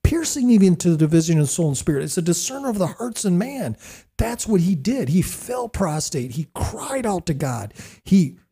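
Husky, excitable middle-aged man. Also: high voice, normal speed. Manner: excitable, preachy. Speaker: host. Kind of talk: casual faith talk.

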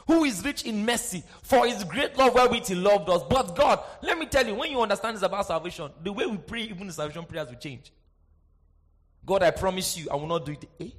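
A man preaching a sermon, swinging from shouted emphasis to quiet asides and often asking the congregation if they are with him. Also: high-pitched, breathy edge. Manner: asks the congregation for response, sing-song emphasis.

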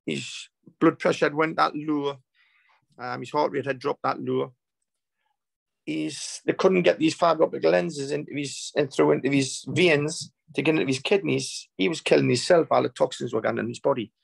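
A man's voice: on the high side, moderate pace, no room sound, rough recording. A man, a healer telling a story as the guest, rambling with repeats and broken restarts. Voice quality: gravelly. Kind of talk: emotional storytelling.

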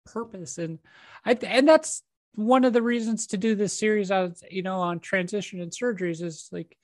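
A woman's voice: medium pitch, normal speed, no echo. A woman hosting a podcast, talking in a loose, encouraging way and full of "you know" fillers. The sound is dry and close, with no room around her voice. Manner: warm, encouraging, conversational with many fillers. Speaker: podcast host. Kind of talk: casual chat.

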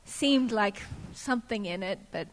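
A woman's voice: mid-range voice, a little slow, in a large hall. A woman preaching a sermon, telling a personal story and acting out what her younger self said.

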